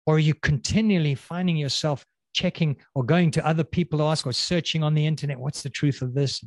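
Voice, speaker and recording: A man preaching a sermon, pressing the listeners with repeated questions and slowing down to stress key words. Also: a little high, fairly even intonation, no echo, clean studio sound. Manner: questioning, emphatic, slows and drops on key words.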